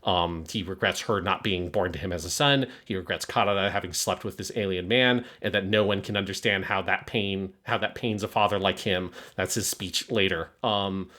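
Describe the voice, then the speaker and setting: A man's voice: sits low, moderate pace, hardly any pauses, bright, forceful tone. A man co-hosting a film review podcast, analyzing scenes with swearing and passion. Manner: profane, impassioned analysis with acted quotes. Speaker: podcast co-host. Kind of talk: casual film review discussion.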